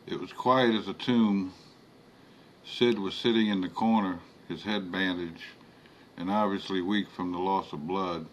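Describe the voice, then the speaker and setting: Slow, low-voiced male horror narrator. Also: a little hiss or hum. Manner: slow, measured reading.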